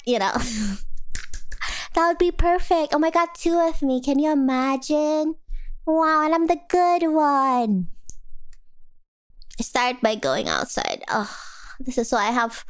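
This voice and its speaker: A young woman with a high voice chats with her live viewers and reads their comments aloud. She talks at a slow, easy pace, giggles often, and rambles from one small topic to the next. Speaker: streamer. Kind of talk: casual chat with live viewers.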